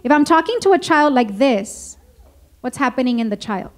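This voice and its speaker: A woman with a high voice presents a parenting workshop in a school meeting room. She keeps the audience involved with questions and drops into her English. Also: moderate pace. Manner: lively, engaging, asks the audience questions.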